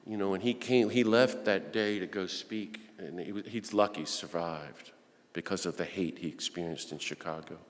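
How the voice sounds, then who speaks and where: A man giving an impassioned preaching talk to a room of listeners, asking rhetorical questions and swinging from hushed to loud. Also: low-pitched, moderate pace. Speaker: speaker addressing Christian peacemakers. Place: large hall with audience. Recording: long hall reverb.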